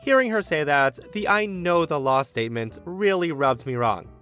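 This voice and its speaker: A man narrating a story in a wry, animated way. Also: on the high side, normal speed, clear, resonant tone, faint music behind.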